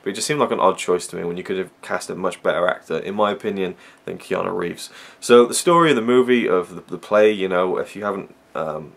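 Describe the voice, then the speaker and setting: A man's voice: sits low, brisk, gravelly, hardly any pauses. A man giving a casual, rambling film review, full of fillers and restarts.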